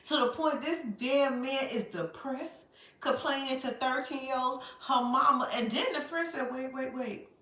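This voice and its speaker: Woman, reality-TV recap vlogger: animated, profane, dramatic commentary with a bright tone, recorded in an echoey room. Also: sits high, moderate pace. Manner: animated, profane, dramatic storyteller who laughs often and addresses viewers as "y'all". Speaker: reality show recap host.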